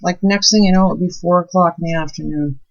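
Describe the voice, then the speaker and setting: A woman's voice: lowish voice, steady tone, fast talker. A woman chatting casually while making soap, telling stories and easily delighted. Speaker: soap maker and channel host. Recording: dull, muffled recording.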